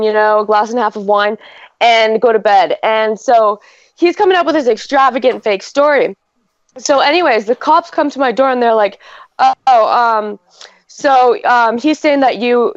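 A woman's voice: a little high, dry recording, muffled recording. A woman and mother, telling a story in casual chat, rambling with lots of "like" and swearing.

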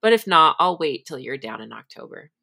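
Lady podcast host, teacher type, kinda low voice, rambly excited stories w lots of laughs. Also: fairly quick, gravelly. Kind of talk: casual chat.

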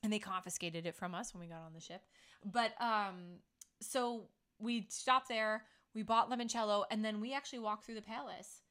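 A middle-aged woman hosts a relaxed chat. She tells stories in a playful, chatty way and acts out the lines of the people she quotes. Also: medium pitch, moderate pace. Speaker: podcast host. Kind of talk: casual chat.

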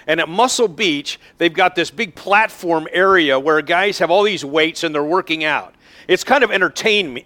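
A man preaching a sermon as pastor, speaking in a relaxed, conversational way with frequent fillers and restarts. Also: on the high side.

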